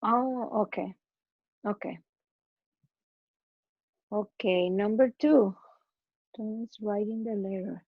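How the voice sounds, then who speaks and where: A woman's voice: medium pitch, slow, pauses often, no echo, narrow, tinny audio. A woman studying English, working through grammar practice aloud, hesitating and correcting herself. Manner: hesitant, self-correcting, repeats words while thinking. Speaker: English student.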